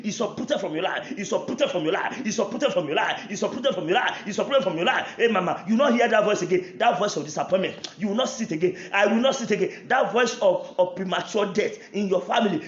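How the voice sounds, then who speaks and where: A man's voice: high voice, quick pace, hardly any pauses, reverberant, highs cut off, a little hiss or hum. A man with a Nigerian English accent preaching a fervent prayer sermon, repeating declarations with rising intensity. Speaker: pastor.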